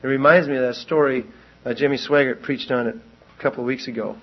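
A man's voice: mid-range voice, steady tone, fast talker, highs cut off. A man preaching a sermon, telling a long story in a loose, rambling way and then pressing his point with rising urgency.

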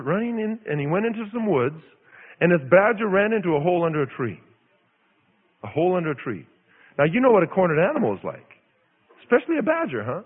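A man from Idaho preaching a sermon, telling a story in an animated, dramatic way with lots of repetition. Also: sits high, long reverb tail, phone-quality sound. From Idaho, USA.

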